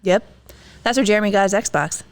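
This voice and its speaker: A woman's voice: medium pitch, a little fast. A woman in her thirties co-hosting a podcast in casual chat, chatty and laughing often, trailing off mid-sentence. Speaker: podcast co-host.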